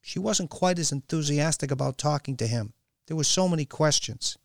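A man reading an audiobook in a measured, even storytelling manner. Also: fairly high pitch, creaky, dry recording, studio quality. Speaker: audiobook narrator. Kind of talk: scripted narration.

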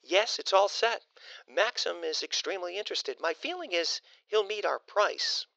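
A man's voice: high-pitched, animated, normal speed, creaky, pushed and bright, no echo, voice pushed up, full character voice, poor audio. A man voicing a sultry, poised businesswoman in an audiobook reading. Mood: cool, assured. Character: sultry, cool businesswoman coordinating a deal. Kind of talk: audiobook character voice.

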